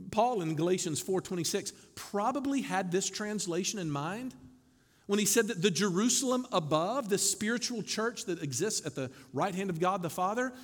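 A man preaching a sermon to his congregation as pastor, animated, with wry asides. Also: high-pitched. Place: church sanctuary. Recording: long hall reverb.

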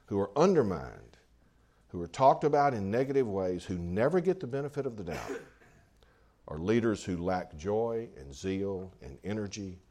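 A pastor preaching a sermon in a conversational way, often restarting and repeating phrases. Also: male voice, lowish voice, mellow.

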